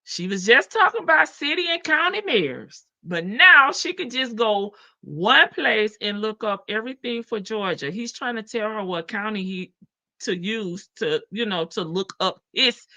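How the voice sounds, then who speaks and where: A woman's voice: mid-range voice, animated, measured pace, pushed and bright. A woman hosting a casual livestream, chatty and sassy, laughing often and calling her viewers baby. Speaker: livestream host.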